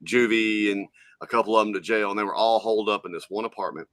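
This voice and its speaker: A man co-hosting a podcast, telling a profane story in an animated, casual way. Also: on the low side, fast talker, no room sound. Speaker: podcast co-host.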